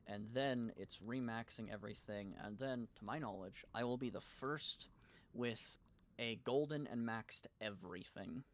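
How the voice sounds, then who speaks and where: A young man streaming live and chatting casually, nervous and excited, stumbling and restarting his sentences often. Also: fairly low pitch, unhurried.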